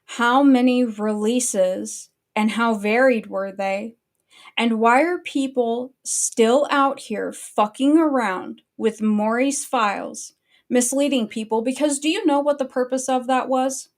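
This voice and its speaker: On her commentary stream, the host speaks slowly in a fairly high voice. She's blunt and casual, cursing freely throughout a long, irritated rant.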